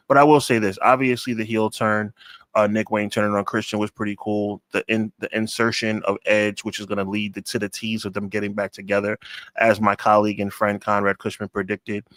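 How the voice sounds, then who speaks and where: A man hosting a wrestling podcast, giving emphatic opinions and slowing down to stress key points. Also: on the low side, fairly bright tone, no echo. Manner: emphatic, deliberate, stretches words for emphasis. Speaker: podcast host. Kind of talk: casual podcast review.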